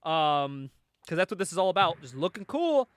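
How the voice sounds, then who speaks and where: Animated high-voiced man recapping comics. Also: normal speed, no echo. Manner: animated, laughs often, acts out quoted lines. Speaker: podcast co-host. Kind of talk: casual comic book recap.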